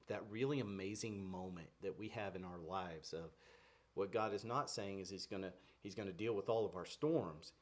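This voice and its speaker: A man with a fairly low voice gives a casual, conversational devotional teaching. His delivery is earnest but halting, full of fillers and restarted phrases.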